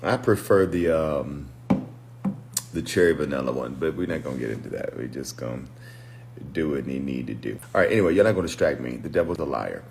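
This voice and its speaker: A preacher and deliverance minister giving a reflective, unhurried livestream teaching, greeting viewers by name as he goes. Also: extremely low pitch, gravelly, a little mellow, slight background noise. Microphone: phone livestream.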